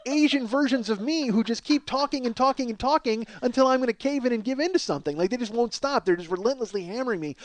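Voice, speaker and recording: A man's voice: very high-pitched, fast, few pauses, no room sound. A man in his forties hosting a comedy podcast, telling a rambling, profane, self-mocking story full of restarts. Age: 40s. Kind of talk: rambling comic monologue.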